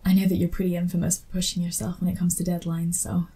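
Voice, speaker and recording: A woman's voice: fairly low pitch, monotone, quick pace, mellow, slightly rough. A woman voicing an awkward young female fan who meets her favorite author, in a whispered role-play with self-deprecating, apologetic chatter. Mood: flustered.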